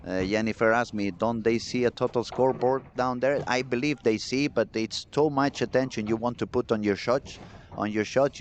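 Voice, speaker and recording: A man commentating live on a bowling tournament, excitable and chatty, talking straight to the viewers in the chat. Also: fairly low pitch, a little hiss or hum.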